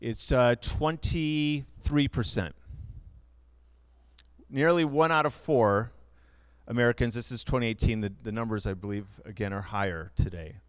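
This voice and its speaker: A man's voice: mid-range voice, a little slow, clear, resonant tone, no echo. A younger man preaching a sermon, explaining figures in a conversational way with asides. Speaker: pastor.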